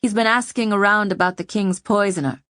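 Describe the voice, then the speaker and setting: A vengeful young woman poisoner, all tension and agitation, her voice lifted well above a low speaking register. She comes across dry and close, as in a storybook reading, voiced by a woman narrator. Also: fairly even intonation, a little fast, a bit bright, dry recording, natural voice. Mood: bitter. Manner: intense, agitated. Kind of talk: audiobook character voicing.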